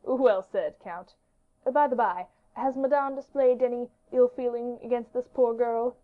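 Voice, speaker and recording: A woman's voice: fairly high pitch, fairly even intonation, measured pace, natural voice. A woman voicing a curious, commanding male king in an audiobook. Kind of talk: audiobook character reading. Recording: dull lo-fi audiobook recording.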